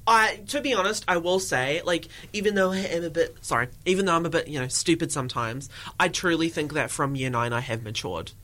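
A man's voice: a little high, brisk, bright, forceful tone. A teenage boy co-hosting youth radio, rambling and self-deprecating with lots of filler words. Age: teens. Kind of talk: casual chat. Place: radio studio.

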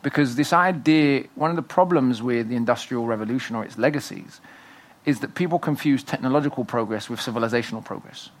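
Man in his thirties, fast animated guest, punchy delivery, mid-pitched. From Britain. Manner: fast, animated, emphatic storytelling. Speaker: author and guest. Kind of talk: festival talk interview.

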